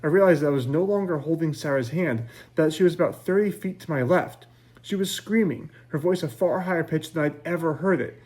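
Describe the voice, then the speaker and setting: A male author reading his novel aloud in measured first-person narration at a library event. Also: fairly high pitch, darkish tone.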